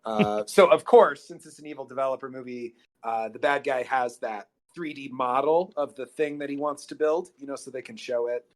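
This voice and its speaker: A man's voice: mid-range voice, moderate pace, few pauses. A man co-hosting a podcast, casually retelling a movie plot with lots of ums and loose, rambling asides. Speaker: podcast co-host. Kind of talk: casual movie recap chat.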